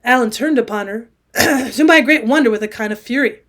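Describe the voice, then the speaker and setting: A woman with a fairly high voice reads a classic novel aloud for her students. Her reading is expressive, and she gets louder whenever a character speaks. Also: fairly quick. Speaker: audiobook reader and teacher.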